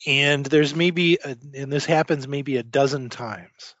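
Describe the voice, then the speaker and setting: A man narrating a tabletop horror game as game master, halting with many fillers. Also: mid-range voice, fairly bright tone, no room sound, lo-fi sound.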